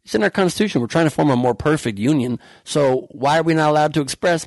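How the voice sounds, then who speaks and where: A man's voice: on the high side, quick pace, creaky, few pauses, no room sound. A man hosting a podcast with a sarcastic, profane, heated comedic political rant. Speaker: podcast host.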